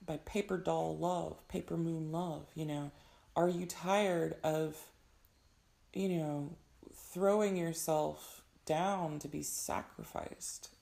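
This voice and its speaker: Woman, hoarse, young adult, tarot reader, mellow dark tone, earnest casual advice. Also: deep voice, steady tone, slow pace. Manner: earnest, advising, frequent fillers. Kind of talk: casual spoken tarot reading.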